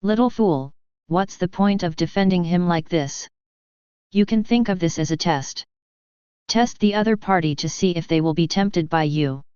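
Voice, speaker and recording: A woman voicing a seductive, cruel female succubus demon who speaks softly and coquettishly in an audiobook. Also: lowish voice, normal speed, clear, resonant tone, no echo, dull audio, lightly acted. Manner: soft, coquettish and teasing.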